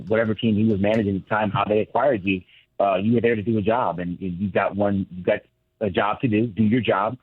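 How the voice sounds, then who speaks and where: A low-voiced man with a husky edge calls in as a radio guest. He is candid and reflective and often restarts his sentences. The line is thin and phone-like, with a dry sound. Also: dry recording. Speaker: guest, former ballplayer and broadcaster. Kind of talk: sports radio interview.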